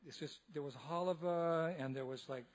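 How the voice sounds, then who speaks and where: In a temple hall, a monk gives a lecture built around a funny story, animated and laughing often as he acts out the characters. His voice sits on the higher side, and he speaks at a normal speed.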